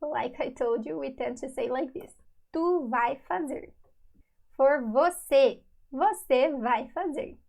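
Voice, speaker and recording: Slow, high-voiced woman teaching. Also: gravelly, dark tone, poor audio. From Brazil. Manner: slow, patient, repeats each example. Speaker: Portuguese teacher. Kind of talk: online language lesson.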